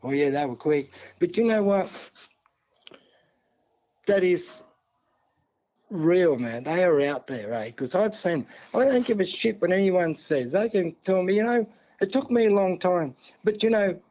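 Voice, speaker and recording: A man's voice: high voice, animated, a little slow, a little mellow, lo-fi sound. A man with an Australian accent, a guest telling a long, rambling story in a casual interview, full of asides.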